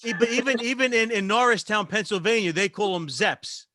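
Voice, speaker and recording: A man hosting a casual livestream panel chat, telling stories in a fast, animated way. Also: high voice, dry recording, studio quality. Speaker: host.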